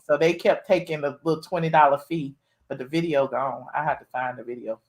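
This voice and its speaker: A woman's voice: deep voice, moderate pace, a little mellow, a little hiss or hum, poor audio. Chatty gossiping woman host. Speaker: livestream host. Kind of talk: casual live show chat.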